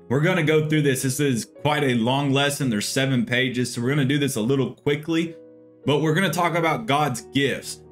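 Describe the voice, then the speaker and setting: A man, a pastor, teaching a Bible lesson in an earnest, conversational way. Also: medium pitch. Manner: earnest, conversational, with frequent "you know".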